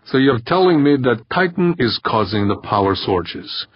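A man voicing a gruff, tired Russian maintenance chief who growls in a heavy, low voice. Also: big pitch swings, moderate pace, dry recording, muffled recording.

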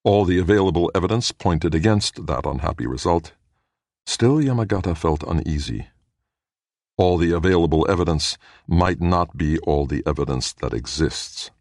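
A male narrator with a remarkably deep, low voice reads a novel at a measured pace. The sound is dry and close, with no room around it. He raises his pitch slightly when the characters speak. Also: expressive, gravelly, darkish tone, no room sound. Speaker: audiobook narrator. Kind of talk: scripted narration.

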